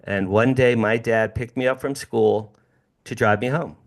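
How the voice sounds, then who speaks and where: A man in his sixties from New Jersey, a guest speaker telling a personal story in an animated way, repeating phrases and speaking directly to his audience. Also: mid-range voice, a little slow, vocal fry. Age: 60s.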